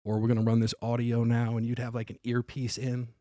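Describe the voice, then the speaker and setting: A man's voice: mid-range voice, fairly quick, no room sound, clean studio sound. A man, a guest comedian telling stories in casual podcast chat, acting out quotes and swearing freely. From Staten Island, New York. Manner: animated storyteller who acts out quotes and swears freely.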